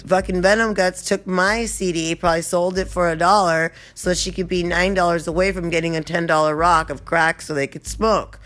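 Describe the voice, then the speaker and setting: A woman's voice: on the low side, fairly even intonation, normal speed, hardly any pauses, fairly bright tone, soft background music. A woman vlogger telling a rambling, profane story, constantly drifting off topic. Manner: rambling, profane, easily sidetracked. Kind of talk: casual rant storytelling.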